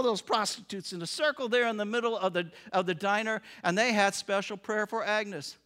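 A man preaching, telling a story with lively acted-out voices. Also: sits high, normal speed, hardly any pauses. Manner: animated, acts out voices in the story. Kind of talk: sermon storytelling.

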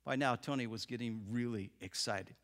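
A man preaching, telling a story with lively acted-out voices. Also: mid-range voice, normal speed. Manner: animated, acts out voices in the story. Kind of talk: sermon storytelling.

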